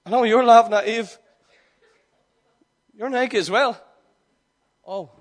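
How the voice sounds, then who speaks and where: A preacher in his forties gives an impassioned sermon in a strikingly high voice at a slow pace. He swings from loud, urgent appeals to near-whispered confessions. His preaching is rhetorical, and he often drives points home through repetition.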